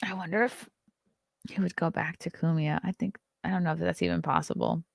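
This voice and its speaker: A woman's voice: fairly low pitch, fairly even intonation, fairly quick, creaky, no echo, clean studio sound. Blunt sarcastic woman with Long Island accent. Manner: blunt, sarcastic, reads headlines aloud and riffs on them. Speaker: host. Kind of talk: casual morning livestream chat.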